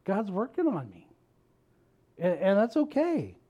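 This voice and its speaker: A man's voice: high voice, wildly swooping pitch, unhurried, mellow, highs cut off. A male pastor preaching a sermon in a conversational, joking way, laughing at himself now and then.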